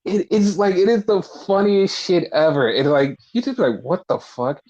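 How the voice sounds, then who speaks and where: A man co-hosting a casual wrestling recap podcast, blunt and profane, talking in an animated, opinionated way. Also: high-pitched, normal speed. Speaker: podcast co-host. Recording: dull lo-fi podcast audio.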